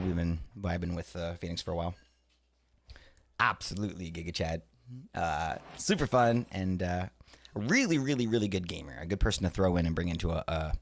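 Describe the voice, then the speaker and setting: A man in his thirties chatting casually on a live stream, laughing often and swearing in excited outbursts. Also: sits low, dry recording. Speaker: livestreamer.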